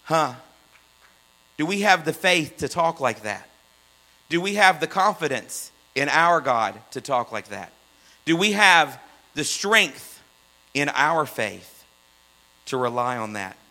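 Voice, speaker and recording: Male preacher, high bright voice, fervent then hushed, light mains hum. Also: big pitch swings, slow, pauses often, low-quality recording. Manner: swings from loud fervent runs to hushed low asides. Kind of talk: sermon.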